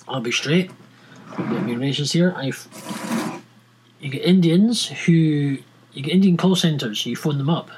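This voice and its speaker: A man's voice: on the high side, breathy edge, poor audio. A Scottish man talking casually to viewers, ranting at length with many restarts and fillers. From Scotland.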